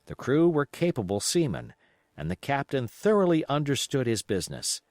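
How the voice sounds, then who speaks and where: A man reading a classic adventure novel aloud as an expressive audiobook narration. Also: mid-range voice, moderate pace, dry recording, studio quality.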